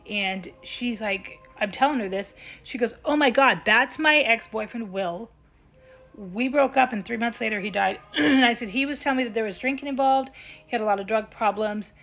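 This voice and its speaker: A woman in a casual vlog recounts a personal story in a mid-range voice. She is chatty and conversational, replaying dialogue and often slipping into a softer, hushed tone. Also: medium pitch. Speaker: psychic medium.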